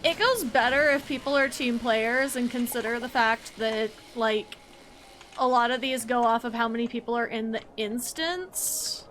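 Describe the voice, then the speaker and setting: A woman's voice: on the high side, normal speed, fairly bright tone, a little hiss or hum. A young woman from the United States streaming a game and chatting casually, rambling with lots of "like" fillers. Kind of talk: casual chat while gaming.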